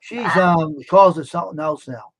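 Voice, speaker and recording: A man's voice: fairly high pitch, normal speed, shouting. A man co-hosting a live stream, chatting casually and agreeing often with short murmurs. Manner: supportive listener, frequent murmured agreement.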